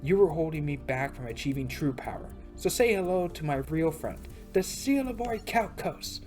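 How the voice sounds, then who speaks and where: A woman's voice: deep voice, lively intonation, normal speed, darkish tone, faint music behind. A woman voicing a cold, hostile young female duelist who talks in a scornful, cutting way.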